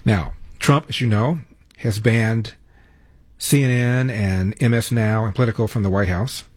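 A man's voice: fairly low pitch, a little slow, husky, dry recording. An older man hosting a talk radio show, brash and sarcastic as he reads promos and sets up clips. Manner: brash, sarcastic, reads ads and phone numbers.

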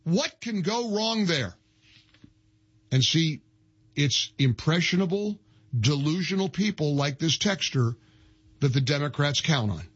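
A man's voice: on the high side, expressive, unhurried, long pauses, slightly rough. A man hosting a call-in talk radio show, mocking and combative with callers. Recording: dull lo-fi radio audio.

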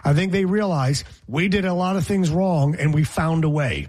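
Husky-voiced man hosting sports radio. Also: fairly high pitch, normal speed, hardly any pauses. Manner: teasing, animated storyteller. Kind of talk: sports talk radio banter.

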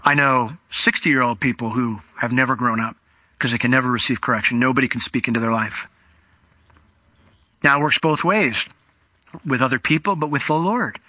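A male pastor preaching a sermon, animated and emphatic, acting out exchanges with God before closing in prayer. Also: mid-range voice, moderate pace, no room sound.

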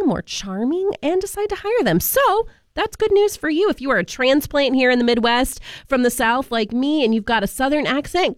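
A woman's voice: on the high side, no room sound, studio quality. A woman from Virginia hosting a radio show, talking in a chatty, conversational way. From Virginia, USA. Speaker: radio host. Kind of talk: casual radio talk. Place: radio studio.

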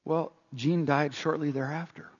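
Husky pastor guy preaching, lots of questions to the crowd, echoey church hall. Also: a little high, steady tone, normal speed. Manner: earnest, rhetorical questioning preacher. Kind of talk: sermon. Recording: dull lo-fi sound with long hall reverb.

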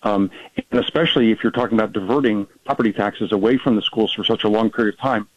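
Low-voiced man talking fast on a dull line. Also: no echo. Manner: fast, full of restarts and fillers. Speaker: policy researcher guest. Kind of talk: phone-in radio interview.

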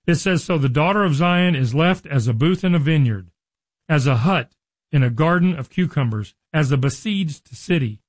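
A man preaching, reading scripture slowly and then breaking into plain, earnest commentary. His voice sits a little high for a man and comes across close and dry, with almost no room sound. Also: animated, no echo, rough recording. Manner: addresses listeners directly.

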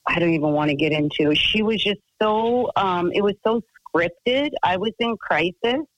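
A woman's voice: mid-range voice, normal speed, rough recording. A woman calling in to a radio talk show, telling a long story in a chatty, rambling way full of fillers and restarts. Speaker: caller.

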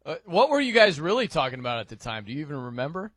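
Guy hosting sports radio, lively up and down voice, chatty, laughs a lot, dry studio sound. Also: fairly high pitch, rapid-fire, no room sound. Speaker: radio show host. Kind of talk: casual sports radio chat.

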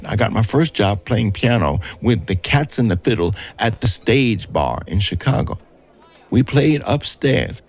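A man voicing a proud, sharp-tongued woman jazz singer in a storytelling narration, with little change from his own voice. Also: fairly low pitch.

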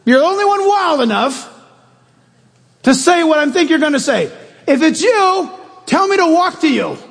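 Man putting on a big impulsive fisherman, voice jumps way up high, husky, big echoey church. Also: wildly swooping pitch, unhurried, a little mellow, full character voice. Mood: eager. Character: burly impulsive fisherman Peter, adult man.

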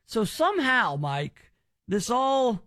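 A man's voice: very high-pitched, big pitch swings, takes it slowly, sharp tone, no room sound. A male radio host running a call-in game, teasing and bantering with energy.

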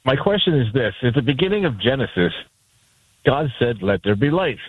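A man's voice: medium pitch, big pitch swings, normal speed, slightly rough, no room sound. Caller guy on a thin phone line, dry sound, eager to ask his question. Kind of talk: call-in question.

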